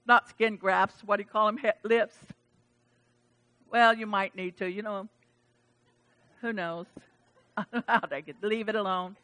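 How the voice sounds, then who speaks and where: A woman's voice: mid-range voice, steady tone, measured pace, pauses often, fairly bright tone. A woman pastor preaching a sermon, emphatic and chatty, with casual asides to the congregation.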